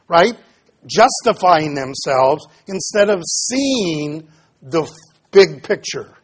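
A man preaching an expository sermon, reading scripture aloud and then explaining it with pauses and fillers. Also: high voice, animated, breathy edge. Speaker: pastor.

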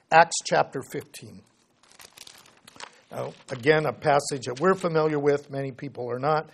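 A man with a somewhat high voice preaches a sermon. He drags scripture quotes out slowly. He jumps from loud, stressed words to quiet asides. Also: gravelly. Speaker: pastor.

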